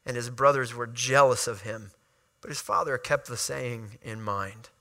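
Guy giving a sermon, super bright voice, chatty, stumbles and restarts a lot. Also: medium pitch, unhurried, gravelly. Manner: conversational, with frequent restarts and asides. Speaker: preacher. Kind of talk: sermon reading and explaining scripture.

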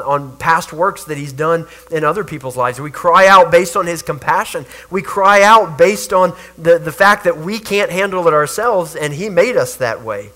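A man's voice: a little high, pushed and bright. A man preaching a sermon, earnest, with rhetorical questions and repeated words. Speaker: pastor.

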